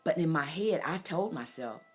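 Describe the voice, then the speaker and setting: A middle-aged woman with a low, full voice shares a personal testimony with preacherly fervor. Her delivery swells toward near-shouts, and soft music plays faintly underneath. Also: animated, normal speed, husky. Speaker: host.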